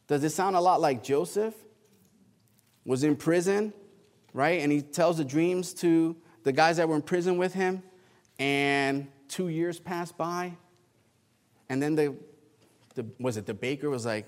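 A male pastor preaching a sermon, reading scripture aloud and retelling the story in lively, colloquial asides. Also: a little high, moderate pace, in a large hall. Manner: animated, colloquial Bible storytelling.

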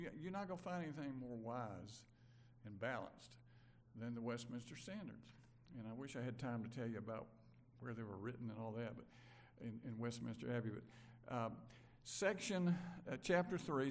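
An older man from Mississippi, preaching a conversational sermon that moves from loud emphasis to quiet asides. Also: mid-range voice. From Mississippi, USA. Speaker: pastor.

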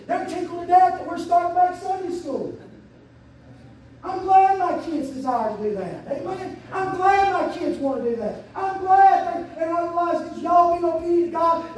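Shouting preacher in an echoey church. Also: male voice, a little hiss or hum. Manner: fervent preaching, surging to shouts and dropping low. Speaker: pastor. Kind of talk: sermon. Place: church sanctuary. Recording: very echoey church sanctuary, mic at a distance.

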